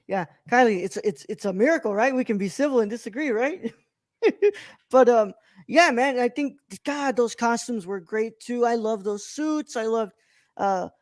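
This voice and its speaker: A woman's voice: a little high, normal speed, no echo, studio quality. A woman co-hosting a podcast, reviewing a film in casual chat, rambling with many restarts and plenty of enthusiasm. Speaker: podcast co-host.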